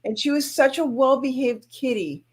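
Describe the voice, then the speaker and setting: A woman's voice: sits high, moderate pace. A woman co-hosting a casual chat, friendly and chatty. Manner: friendly, chatty, gushes over cats.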